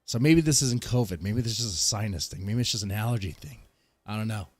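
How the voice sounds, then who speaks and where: A man's voice: fairly low pitch, a little fast, darkish tone, dry recording. A man hosting his own vlog, rambling and joking through a casual rant with a stuffed-up nose, short of breath, coughing and sighing in his home garage studio. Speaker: vlogger host. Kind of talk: casual ranting storytime.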